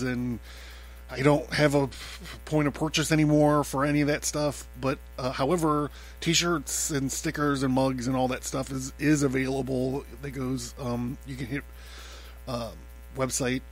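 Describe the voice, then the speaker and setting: A man's voice: mid-range voice, steady tone, normal speed. A man hosting his own podcast, talking in a loose, rambling way, with lots of fillers, swearing and laughter. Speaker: podcast host. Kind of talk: casual rambling monologue.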